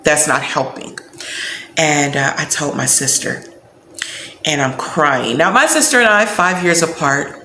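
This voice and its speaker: Brief: low-pitched woman, animated storyteller, roomy sound with music behind. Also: measured pace, background noise. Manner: animated, slangy, acts out quotes. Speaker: vlogger. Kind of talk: casual storytelling.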